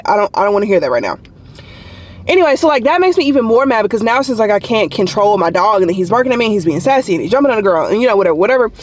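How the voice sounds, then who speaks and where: A woman's voice: mid-range voice, very animated, rapid-fire. A young adult woman, a nursing student, chatting casually to camera in a vlog and telling stories with lots of "like" fillers. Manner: chatty storyteller, frequent "like" fillers.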